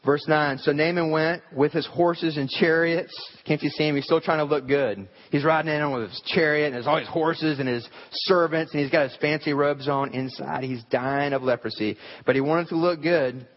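Male pastor, slightly high voice, conversational sermon, long hall reverb, dull lo-fi recording. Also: steady tone, moderate pace, few pauses. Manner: conversational preaching with rhetorical questions. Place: church sanctuary.

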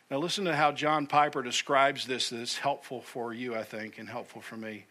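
A man preaching a sermon as pastor, emphatic, repeating key phrases and dropping to a hush for weight. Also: mid-range voice, fairly even intonation, normal speed, hardly any pauses. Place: church sanctuary.

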